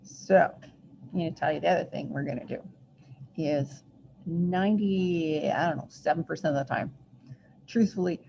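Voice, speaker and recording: Woman math teacher talking thru a video lesson, lowish gravelly voice, chatty, kinda muffled recording w faint hiss. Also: normal speed, long pauses, warm tone. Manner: chatty, self-deprecating, thinks aloud while drawing.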